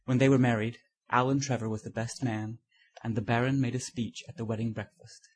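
A man reading a classic short story aloud as narrator, in a steady, measured way. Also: mid-range voice, husky. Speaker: audiobook reader.

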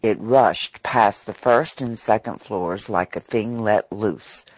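A man narrating an audiobook story in an expressive, dramatic manner. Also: on the low side, slow, slightly rough, dry recording.

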